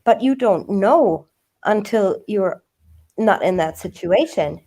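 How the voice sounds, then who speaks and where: A middle-aged woman with a dark, mellow voice, talking through a true crime case. She speaks haltingly, stumbling over and repeating words. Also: medium pitch, animated. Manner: halting, repeats words, many "you know"s. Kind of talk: casual chat.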